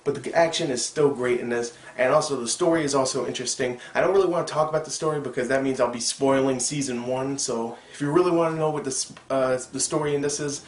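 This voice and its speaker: A man's voice: medium pitch, fast talker, hardly any pauses. Rambling young man reviewing TV in an echoey room. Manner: rambling, excitable, frequent fillers and asides. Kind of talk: casual video review. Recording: echoey room with faint background noise.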